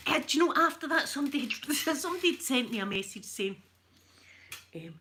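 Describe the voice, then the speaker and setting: A woman's voice: high-pitched, expressive, a little fast, bright, forceful tone. A Scottish woman hosting her channel, telling rambling stories in casual chat and laughing often. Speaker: channel host.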